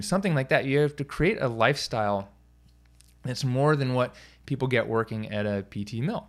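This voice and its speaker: A man from the US East Coast coaching physical therapists in a relaxed podcast chat. His voice sits at an ordinary middle pitch. He talks off the cuff, with frequent fillers and self-corrections. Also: fairly quick. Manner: conversational, many fillers and restarts. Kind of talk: casual podcast talk.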